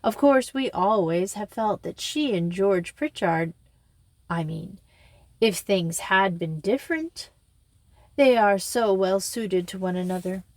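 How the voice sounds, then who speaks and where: A woman voicing a chatty, excitable middle-aged lady gardener who talks with gushing emphasis, her voice climbing high. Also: slow, no room sound. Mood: gossipy.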